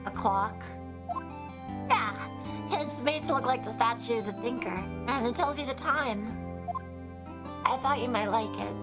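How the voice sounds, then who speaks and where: A woman doing a calm, gentle older sister. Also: a little high, natural voice. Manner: gentle, measured. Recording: game music behind.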